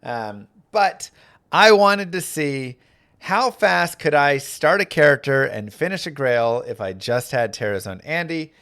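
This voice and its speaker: A young man hosting a live stream, chatting excitedly about his game and thanking viewers. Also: a little high, measured pace, clean tone. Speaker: streamer and host. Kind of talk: casual live gameplay commentary.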